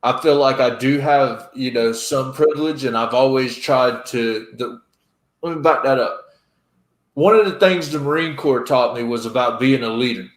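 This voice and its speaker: A man's voice: mid-range voice, normal speed. Earnest man in a roomy echo. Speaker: podcast host. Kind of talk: casual chat.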